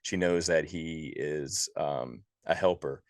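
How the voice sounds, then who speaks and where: Low-voiced man ranting in casual review. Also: slow, no echo, studio quality. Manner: exasperated, profane ranting. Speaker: podcast co-host. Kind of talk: casual movie review chat.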